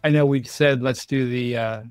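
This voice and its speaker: A man's voice: mid-range voice, steady tone, normal speed, no echo, soft background music. A man hosting a podcast in casual chat, with dry, wry humor. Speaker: podcast host.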